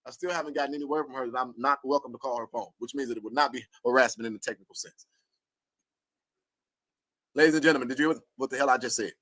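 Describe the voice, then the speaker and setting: Speaking fast in a mid-range voice, this online commentator fires off an animated rant at his viewers, swearing and laughing frequently. The recording is dry.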